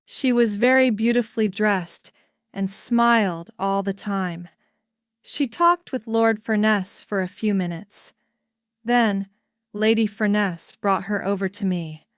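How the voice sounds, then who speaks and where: A woman narrates a story slowly and carefully, her clear, crisp voice sitting close and dry. She reads it as a simple scripted tale for language learners, keeping an even pace. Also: mid-range voice, no echo. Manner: careful, evenly paced reading.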